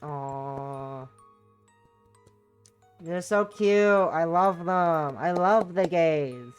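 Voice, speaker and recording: A woman's voice: on the low side, extremely slow, clean tone. A woman streamer chatting casually after finishing a game, gushing and rambling, often restarting her sentences. Faint background music plays under her voice. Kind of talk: casual live-stream commentary.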